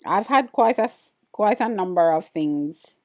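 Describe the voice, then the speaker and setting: This livestream host, a woman with an Antiguan accent, chats casually and curiously while responding to comments from viewers. She has a medium pitch, lively intonation, and an unhurried pace.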